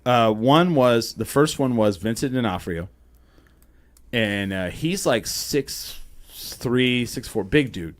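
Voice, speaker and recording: A podcast host in casual chat, telling stories in a profane, animated way with quick, run-on delivery full of restarts. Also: male voice, mid-range voice.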